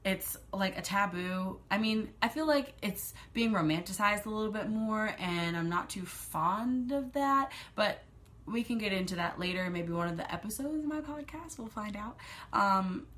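A woman's voice: mid-range voice, animated, normal speed, a bit bright. A young adult woman hosting her own podcast, rambling casually, swearing freely and sometimes dropping to a whisper. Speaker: podcast host. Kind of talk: casual solo podcast monologue.

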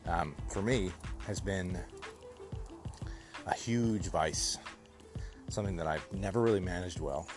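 A man's voice: low-pitched, unhurried, pauses often, over music. A man keeping a casual audio diary outdoors, thinking aloud and rambling with many restarts. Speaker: podcast host.

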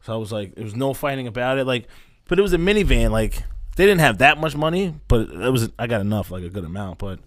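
A man's voice: mid-range voice, very animated, fast talker. A young man co-hosting a podcast, telling a story in a laid-back, slangy, profane way with lots of fillers. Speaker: podcast co-host. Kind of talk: casual storytelling chat.

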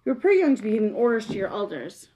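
A woman's voice: mid-range voice, sing-song, racing, dark tone, dull audio, a little hiss or hum, lightly acted. A woman reading aloud, voicing a grumpy, cautious older uncle mouse in a storybook. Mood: gruff.

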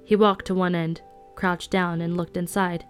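A woman reading a novel aloud in a calm, even storytelling manner. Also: fairly low pitch, normal speed, faint music behind. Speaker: audiobook reader.

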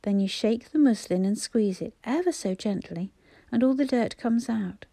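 A woman's voice: fairly high pitch, normal speed, creaky, warm tone, no echo. A woman voicing an earnest, proper young girl in a storybook. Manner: careful, earnest.

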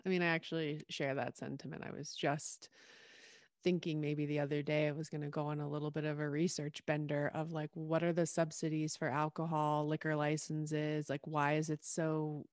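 Low-voiced woman in dry podcast chat. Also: flat delivery, normal speed, dry recording. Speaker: podcast guest, author. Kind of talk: casual podcast conversation.

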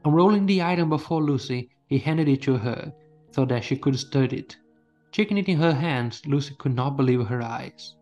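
A man reading a first-person adventure story in a steady storytelling manner. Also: medium pitch, moderate pace, dull audio, faint music behind. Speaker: narrator. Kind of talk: scripted story narration.

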